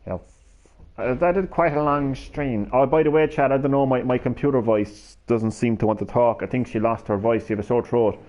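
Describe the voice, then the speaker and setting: Rambling streamer, lo-fi audio. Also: male voice, medium pitch, a little fast, a little mellow. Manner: rambling, restless, swings between hyper and drowsy; swears casually, stammers and restarts. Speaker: live streamer. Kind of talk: rambling live-stream chat to viewers. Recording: slightly dull lo-fi stream audio.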